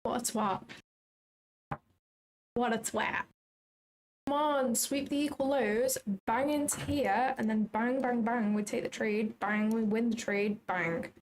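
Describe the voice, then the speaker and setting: A young woman hosting a trading livestream, chatty and excitable, swearing casually. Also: on the high side, measured pace, few pauses, slight background noise, rough recording. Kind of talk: casual live commentary.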